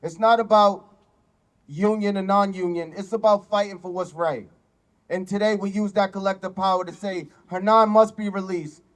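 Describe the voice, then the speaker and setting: A man's voice: high-pitched, steady tone. A man, a union business agent, giving a firm, prepared speech at an outdoor rally. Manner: firm, declarative, measured.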